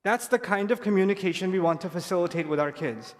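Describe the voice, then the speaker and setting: A man with a notably high voice delivers a lecture to parents, slipping into short stories and imitating a child's questions. His voice rings out with a long reverb, as in a big hall. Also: fast talker. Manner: lively storytelling, acts out a child's voice. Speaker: Islamic speaker.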